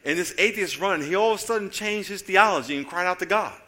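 Animated preacher with a bright voice. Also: male voice, fast. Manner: animated storytelling, acting out voices and jokes; swings from loud excited calls to low quiet asides. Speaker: pastor. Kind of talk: sermon.

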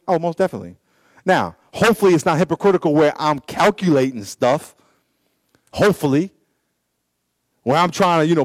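A pastor preaching to his church, his fairly high voice climbing and dropping in wide swings from loud urging to hushed asides. He repeats words and phrases to drive points home, and the sound is close and dry with little room echo. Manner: animated, swings between loud exhortation and low asides. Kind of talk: sermon.

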